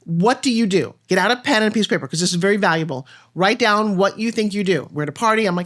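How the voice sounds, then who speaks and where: A woman speaking at a brisk clip as a podcast guest. She coaches and tells stories with lively energy, jumping into other people's voices as she goes. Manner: animated storyteller, acts out dialogue with big pitch jumps. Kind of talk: fast-paced podcast conversation.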